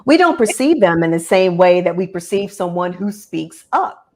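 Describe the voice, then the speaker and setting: A woman media coach and author, a guest on an interview show over a video call, explaining in a measured, authoritative tone. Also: on the low side, big pitch swings, a little mellow. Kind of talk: interview conversation.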